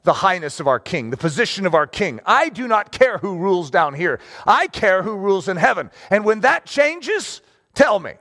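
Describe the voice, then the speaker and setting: A man preaching a sermon as pastor, conversational and animated, often checking in with his listeners. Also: high voice, fairly quick, hardly any pauses.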